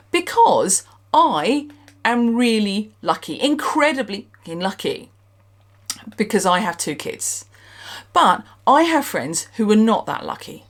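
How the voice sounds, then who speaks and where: A woman delivers a sweary, sarcastic rant to camera, her pitch leaping up and down as she lands each point. She sounds exasperated and speaks with an emphatic, animated delivery. It has the loose feel of a host venting on her own channel. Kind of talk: ranting commentary vlog.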